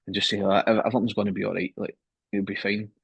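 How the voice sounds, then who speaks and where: A man in his thirties with a husky, slightly low voice, talking quickly and candidly as a podcast guest. He swears freely and keeps calling his host mate. The sound is dry, with no room echo, picked up on a phone. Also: level tone. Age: 30s. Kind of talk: casual conversation.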